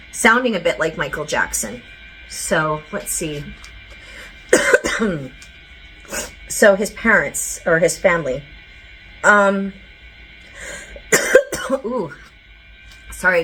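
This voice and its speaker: Woman, psychic reader host, lowish voice, chatty and digressive, faint music bed. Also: pushed and bright, poor audio. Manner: chatty and rambling, many filler words and side notes. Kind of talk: casual spoken psychic reading to viewers.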